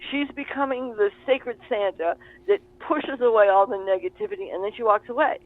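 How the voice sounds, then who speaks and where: A woman telling a story in casual conversation, animated and laughing as she talks. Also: fairly high pitch, brisk. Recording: tinny phone line.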